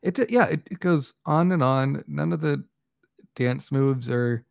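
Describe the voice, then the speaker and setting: Gravelly man rambling wryly. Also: a little high, measured pace, a little mellow, no echo, clean studio sound. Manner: rambling, hesitant restarts, wry. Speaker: podcast co-host, film reviewer. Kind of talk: casual chat.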